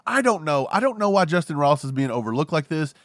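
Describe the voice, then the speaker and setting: A man co-hosting a casual sports talk show, ranting with jokes and animated outbursts. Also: a little high, fast, no room sound, clean studio sound. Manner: animated, joking rants. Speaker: podcast co-host.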